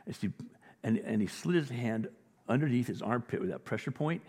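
A man's voice: medium pitch, animated, fairly quick, darkish tone, slightly rough. A male pastor giving a sermon, telling stories in a conversational way and rising to emphatic points. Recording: reverberant hall.

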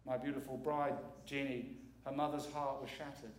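A man's voice: medium pitch, little pitch movement, normal speed. A middle-aged man preaching as a guest speaker, earnest and emphatic, repeating words for weight. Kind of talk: sermon. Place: church sanctuary. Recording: echoey church hall.

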